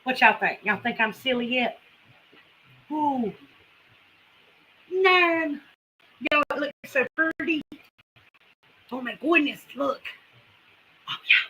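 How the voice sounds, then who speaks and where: A woman's voice: sits high, a little slow, long pauses, pushed and bright, a little hiss or hum, rough recording. A woman with a Southern US accent, chatting folksily with viewers as a homesteading livestream host. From Carolinas, US. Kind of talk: casual livestream chat with viewers.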